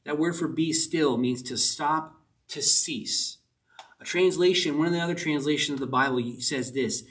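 A man's voice: on the high side, steady tone, moderate pace, a bit bright. A man preaching a sermon as pastor, earnest and driving his point home with short repeated commands. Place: church service. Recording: voice a bit distant from the mic.

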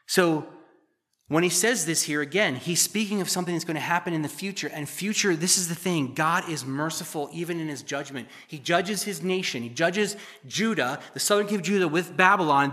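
A man's voice: a little high, pushed and bright. A man preaching a conversational sermon, often checking in with the congregation. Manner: conversational teaching, frequent "okay?" check-ins. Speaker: pastor.

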